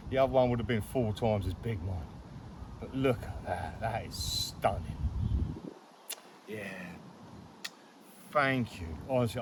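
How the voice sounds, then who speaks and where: A man's voice: on the low side, noisy background. A man chatting casually to camera while fishing outdoors by a lake, rambling, swearing freely and laughing often. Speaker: angler vlogger.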